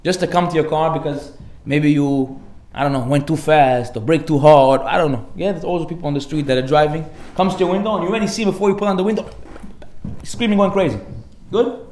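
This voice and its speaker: A man teaches Torah at a quick clip, his voice a little high. He jumps into the parts of the people in his stories, sometimes shouting. His voice rings in an echoey room. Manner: animated storyteller, acts out characters with sudden loud outbursts; sprinkles Hebrew and Aramaic terms into casual English. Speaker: rabbi giving a Torah class. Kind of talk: lively informal Torah lecture.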